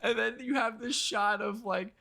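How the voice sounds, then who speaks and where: A man co-hosting a film review podcast, chatting casually and chiming in with quick agreements. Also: sits high, fairly even intonation, creaky, sharp tone. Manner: chimes in with short agreements and laughs. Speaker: podcast co-host.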